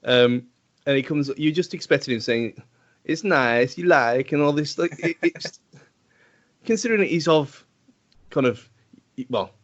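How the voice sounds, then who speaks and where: A man's voice: on the high side, animated, a little slow, long pauses. Rambling man, laughing as he talks. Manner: laughs often, rambling and hesitant. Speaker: podcast co-host. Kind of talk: casual film-review chat. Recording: dull lo-fi podcast audio.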